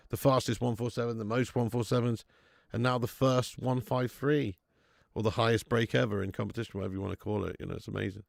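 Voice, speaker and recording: A man's voice: mid-range voice, gravelly, dry recording, clean studio sound. A man hosting a live football watch-along, chatting and bantering with viewers, laughing often and calling out names from the chat. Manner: chatty, banter-heavy, laughs a lot, greets chat by name.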